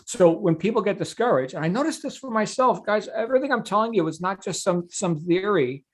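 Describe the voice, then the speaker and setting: A middle-aged man gives a motivational coaching talk. His voice sits high for a man. He talks with emphasis, doubles back on his words and keeps tagging on "right?". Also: expressive, brisk. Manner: emphatic, repeats words, asks "right?" often.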